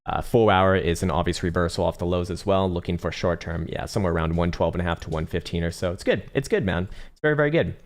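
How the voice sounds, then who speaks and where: A man with a low voice hosts a live trading stream, answering chat questions one after another. He talks casually and bluntly, swearing freely as he reads off price levels. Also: fast, few pauses. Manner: profane, blunt, bursts into laughing rants. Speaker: trading livestream host. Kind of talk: live market analysis reading chat.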